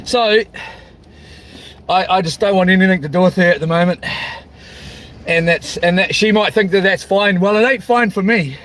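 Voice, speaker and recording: Kiwi guy in his middle years ranting on his vlog, highish voice, keeps repeating himself. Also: normal speed, pauses often, fairly bright tone, a little hiss or hum. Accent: New Zealand. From New Zealand. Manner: frustrated, repetitive, stumbling restarts. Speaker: vlogger. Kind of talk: casual vlog rant.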